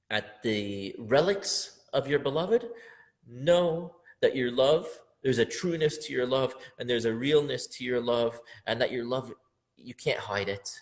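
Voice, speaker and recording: Man, mid-pitched, an earnest teacher who swings between soft reflection and loud, fervent emphasis. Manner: impassioned, building up to loud emphatic peaks, sometimes half-singing verses. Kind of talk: religious lesson on a poem.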